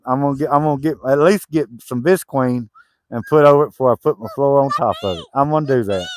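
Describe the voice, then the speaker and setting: A man working on his homestead cabin chats casually while he works, easygoing, laughing often, and calling to his dogs. His mid-range voice moves fast. A little hiss or hum is present.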